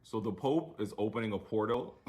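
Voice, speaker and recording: A man's voice: on the low side, animated, a little mellow. A man giving an exasperated, profane reaction rant, firing off item after item in a list. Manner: exasperated, profane, rapid-fire listing. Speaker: commentator. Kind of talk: ranting reaction commentary.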